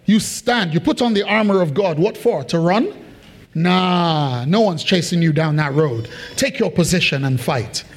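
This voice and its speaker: A preacher delivers a sermon in a notably high voice for a man. He repeats phrases for emphasis and keeps checking in with the congregation, pressing each point home. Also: measured pace. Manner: emphatic and repetitive, asks the congregation questions. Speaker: pastor.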